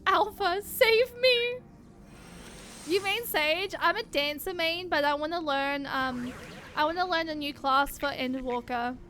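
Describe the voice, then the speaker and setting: Bubbly woman streaming a game, high voice, bright tone, exclaims a lot. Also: normal speed. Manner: excitable, exclaims and laughs often. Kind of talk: casual live game streaming chat.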